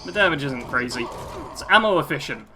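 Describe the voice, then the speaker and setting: A man's voice: fairly high pitch, animated, a little fast, music in the background. A young British man chatting casually on a live stream while playing a game, reading viewer comments aloud and poking fun at himself.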